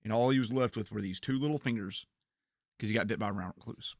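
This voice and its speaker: A man's voice: lowish voice, quick pace, no room sound, studio quality. A man streaming a game, chatting casually and telling funny stories he often laughs through. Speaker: gaming streamer. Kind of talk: casual storytelling while playing a game.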